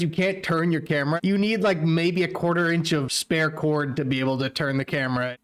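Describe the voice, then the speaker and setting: A man's voice: on the high side, fairly even intonation, fairly quick, hardly any pauses, clean tone, soft background music. A man hosting a reaction video, adding sarcastic, mocking commentary.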